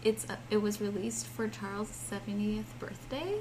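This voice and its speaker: A woman's voice: mid-range voice, fairly even intonation, normal speed, warm tone, slight background noise, rough recording. A young woman co-hosting a podcast, chatty and teasing, giggling through casual talk. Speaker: podcast co-host. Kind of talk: casual chat.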